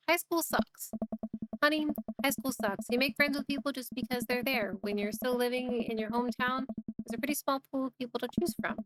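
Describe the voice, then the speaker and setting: A woman doing a gentle, joking dad. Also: fairly high pitch, close to an everyday voice, poor audio. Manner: gentle and reassuring. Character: kind, joking single dad. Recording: music playing behind.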